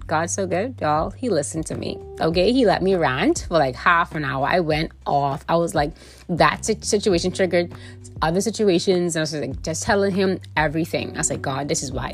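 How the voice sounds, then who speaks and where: Woman with a low voice hosting a faith podcast, chatty and lively, talks to listeners like family, faint music behind. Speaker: podcast host.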